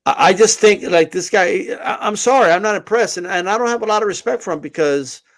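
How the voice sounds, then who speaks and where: High-voiced fired-up man ranting. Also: brisk. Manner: fired up, profane, many restarts. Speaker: podcast co-host. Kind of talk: heated casual boxing talk.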